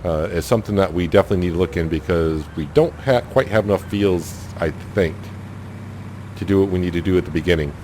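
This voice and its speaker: A man with a very deep voice talks through his gameplay in a relaxed, rambling way, full of "uh" and "you know." Faint game sounds sit under his voice. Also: fast, a little hiss or hum. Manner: rambling, thinks aloud with many fillers. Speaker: gaming channel host. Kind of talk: casual let's-play commentary.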